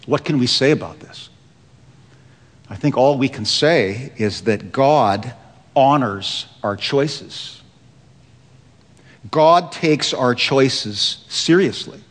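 A man preaching a sermon. He slows down and drops his voice low for emphasis. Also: animated, a bit bright, in a large hall. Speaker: pastor.

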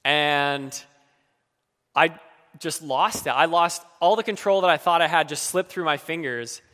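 A man delivers a sermon with a fairly high, bright voice and an earnest, personal tone. His words ring out with a long reverb, as in a large hall. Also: a little slow. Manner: earnest, acts out quoted pleas with rising emotion. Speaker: preacher.

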